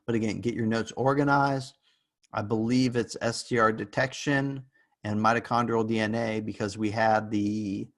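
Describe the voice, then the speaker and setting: A man teaching a university class over a video call, talking loosely with fillers and little jokes. His voice sits at an ordinary middle pitch and he drifts into quick asides. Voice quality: casual, joking, rambling with fillers. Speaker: university lecturer. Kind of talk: online lecture.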